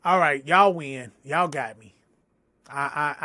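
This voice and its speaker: A man's voice: fairly high pitch, slow, bright, forceful tone, no echo. A man co-hosting a livestream talk show, chatting casually in laid-back slangy banter and joking with his co-hosts. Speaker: podcast co-host.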